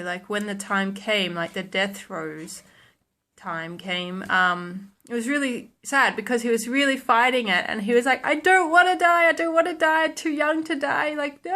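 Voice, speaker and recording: Bright-voiced woman rambling on. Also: medium pitch. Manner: rambling, full of ums and likes, laughs at herself. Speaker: vlogger. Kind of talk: casual storytelling vlog.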